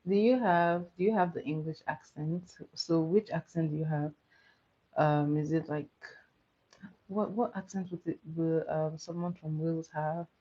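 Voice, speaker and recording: A young woman runs a casual livestream makeup tutorial, chatting, laughing often, and asking her viewers questions. Her voice is deep and unhurried, heard through dull lo-fi audio.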